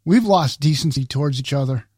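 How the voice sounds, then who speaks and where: A man's voice: mid-range voice, brisk, a little mellow, breathy edge, no room sound, studio quality. A man in casual conversation, giving short, thoughtful answers. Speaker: conversation partner.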